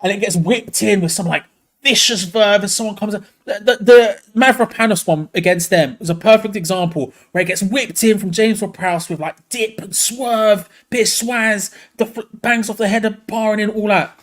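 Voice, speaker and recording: Young man, fan watch-along host, light voice, animated and exasperated. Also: high-pitched, normal speed. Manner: animated and excitable, laughing, frustrated groans. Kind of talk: live fan commentary.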